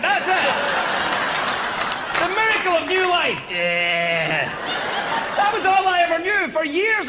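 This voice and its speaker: Scottish guy doing standup, really lively pitch, gravelly, crowd laughing in a noisy live recording. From Scotland. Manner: animated storytelling, swinging into shouted high-pitched indignation. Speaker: stand-up comedian. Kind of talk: stand-up comedy set. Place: large theater with a laughing audience. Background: audience laughter.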